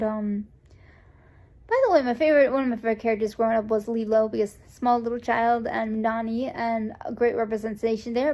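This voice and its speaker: A young woman raised in the United States, telling a personal story in a casual, rambling way, full of restarts and fillers, and acting out the lines of the people in it. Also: a little high. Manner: acts out quoted dialogue in a lively voice. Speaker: vlogger.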